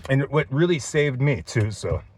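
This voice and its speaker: A man's voice: mid-range voice, big pitch swings, normal speed, no room sound. A man in his thirties filming an off-the-cuff fitness vlog. He rambles and says "dude" a lot, and he is choked up. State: teary, choked up. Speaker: fitness vlogger.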